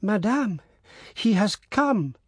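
A man voicing a devoted old female servant in a storybook reading, with a raised voice and breathy exclamations. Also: very animated, a little slow, a little mellow, no echo, clean studio sound, exaggerated voice. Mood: excited. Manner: high, exclaiming.

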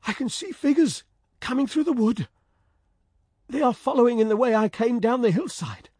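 A man's voice: extremely high pitch, normal speed, darkish tone, slightly rough, no echo, studio quality, pitched above the performer's own voice. A man reading as Ulrich, an urgent nobleman calling out. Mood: excited. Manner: urgent, raised calls. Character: middle-aged male forester, tense nobleman. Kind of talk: dramatic story reading.

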